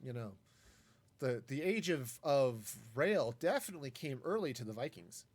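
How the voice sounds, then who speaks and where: A man's voice: medium pitch, lively intonation, normal speed. A man casually talking through a live game stream, wry and self-mocking as he rambles. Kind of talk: casual gameplay commentary.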